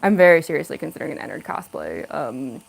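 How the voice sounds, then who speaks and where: A woman's voice: low voice, very animated, quick pace, vocal fry, poor audio. Giggly young woman chatting on a livestream. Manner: giggly, chatty, coos baby talk to her cat. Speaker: livestreaming cosplayer. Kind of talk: casual livestream chat. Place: home room. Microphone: camera on a tripod.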